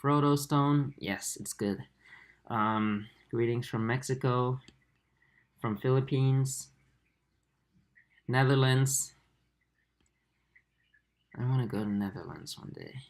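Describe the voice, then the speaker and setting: A man in his twenties who hosts an aquarium channel reads viewer comments aloud during a livestream. He speaks in a soft, halting mid-range voice with many fillers.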